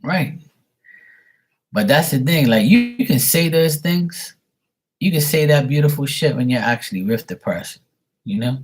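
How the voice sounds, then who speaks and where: A man's voice: mid-range voice, expressive, normal speed, long pauses. A man chatting casually with viewers on his live tarot stream, blunt and swearing freely.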